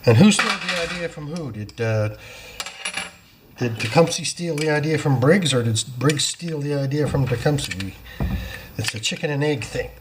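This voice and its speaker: A man's voice: fairly high pitch, animated, normal speed, noisy background. A man who runs a repair shop, casually talking through his work step by step, with self-deprecating and apologetic asides. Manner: chatty, explains each step as he works. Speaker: small-engine repair shop owner. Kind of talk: casual hands-on repair walkthrough. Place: repair workshop.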